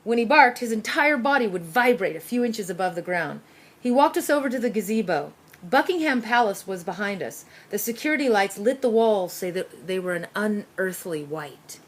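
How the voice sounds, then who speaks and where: A woman reading a children's chapter book aloud, narrating in the first person with expressive delivery. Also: mid-range voice, normal speed. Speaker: storyteller.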